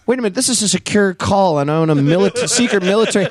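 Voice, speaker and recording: A young man in casual chat, animated and joking with heavy swearing. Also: high-pitched, rapid-fire. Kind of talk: casual chat about a video game.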